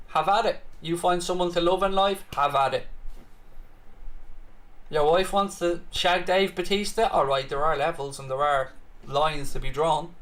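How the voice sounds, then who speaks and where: An Irish man hosting a live football watchalong, chatty and excitable, swearing freely as he reacts to the match and answers viewers' comments. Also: on the high side. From Ireland.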